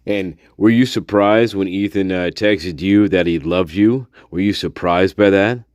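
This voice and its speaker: A man's voice: low voice, a little slow, a little mellow, dry recording, dull audio. A man hosting a livestream, giving crude, mocking commentary and laughing often. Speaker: livestream host.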